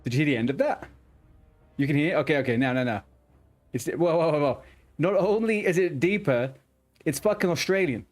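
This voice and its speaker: A man's voice: on the high side, a little fast, pauses often, faint music behind. A man streaming a game, chatting casually to viewers, swearing often and restarting his sentences. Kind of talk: casual live-stream chat.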